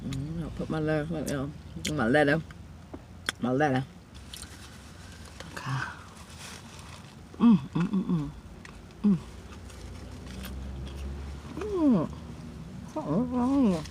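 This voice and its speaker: Slow, lively-pitched woman eating in a car. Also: background noise. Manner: chatty, addresses viewers, frequent murmurs of approval while eating. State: out of breath. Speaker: mukbang host. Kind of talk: casual eating-show chat.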